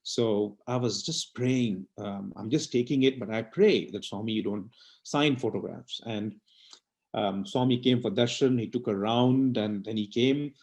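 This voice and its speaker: A middle-aged man from India telling a personal devotional story at a satsang in an earnest, halting way with many fillers. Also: fairly low pitch, darkish tone. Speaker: satsang speaker.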